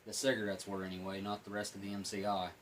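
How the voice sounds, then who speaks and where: A man's voice: on the low side, flat delivery, fast, slight background noise, poor audio. A plain-spoken man giving a casual, rambling food review while eating and smoking, sometimes talking with his mouth full. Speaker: MRE reviewer.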